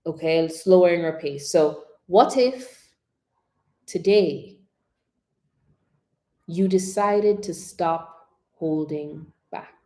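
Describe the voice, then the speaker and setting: Woman, public speaking coach, expressive delivery, low mellow voice, roomy sound. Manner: coaching, expressive, models whispers and dramatic pauses. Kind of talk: live-streamed speaking workshop.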